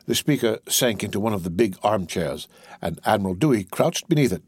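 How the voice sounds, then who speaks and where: A male audiobook narrator reads with a husky grain and a lively, animated melody. His delivery is expressive and storytelling. The recording is dry and close. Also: lowish voice, fairly quick, no echo. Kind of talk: scripted narration of a novel.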